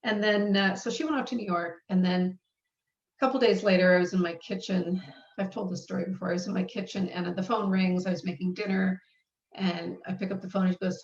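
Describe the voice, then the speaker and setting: A woman's voice: mid-range voice, a little fast. A middle-aged woman author telling her story casually, rambling and self-deprecating with many restarts. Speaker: author guest. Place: live event hall. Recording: dull roomy sound from far off.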